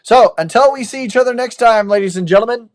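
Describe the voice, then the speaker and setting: A man hosting a high school baseball podcast, upbeat and friendly with frequent fillers. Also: fast talker, dry recording, clean studio sound. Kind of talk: podcast sign-off.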